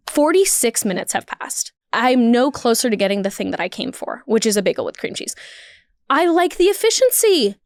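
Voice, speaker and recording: A woman hosting a podcast, telling a funny story in an animated, wry, riffing way. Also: a little high, moderate pace, dry recording, clean studio sound. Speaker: podcast host. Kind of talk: comedic storytelling.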